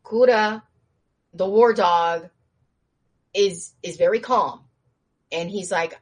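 A woman casually recapping a show's plot as an animated storyteller, with slangy asides to her viewers. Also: mid-range voice, takes it slowly, long pauses, husky. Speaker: show recap host.

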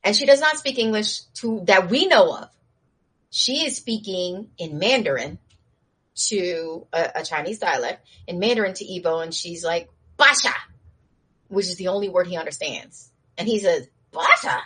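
A woman casually recapping a show in slangy talk, acting out the characters' lines in a higher voice and laughing now and then. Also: moderate pace, husky. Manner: chatty with frequent laughs and asides.

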